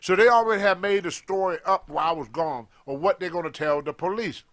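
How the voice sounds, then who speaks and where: A man telling a story in casual talk, animated and acting out the voices of the people in it, with loose grammar. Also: high voice, fast. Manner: animated, acts out others' voices in his stories, loose grammar. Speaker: guest storyteller, former wrestler.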